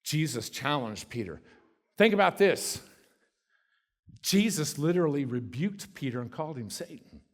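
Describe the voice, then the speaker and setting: Man preaching, slightly high voice. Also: expressive, normal speed, pauses often. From Kentucky. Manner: conversational preaching with sudden drops to a soft hush. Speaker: guest preacher. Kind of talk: sermon. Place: church sanctuary.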